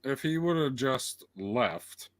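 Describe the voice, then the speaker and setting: A man's voice: mid-range voice, drawn-out words, no room sound. A man co-hosting a casual review chat, swearing often and acting out his own reactions as he retells scenes. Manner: profane, animated, acts out his reactions. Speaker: co-host.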